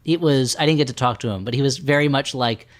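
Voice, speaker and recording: A man's voice: medium pitch, fast. A man in casual comedic film chat on a podcast, rambling with many restarts and laughing at his own jokes. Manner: riffs into silly bits. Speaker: podcast commentator.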